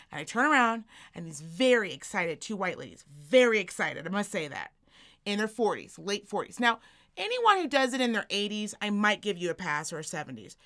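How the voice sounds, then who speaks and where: A woman co-hosting a podcast, telling a comedic story in a sassy, profane, animated way. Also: medium pitch, fairly quick. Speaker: podcast co-host.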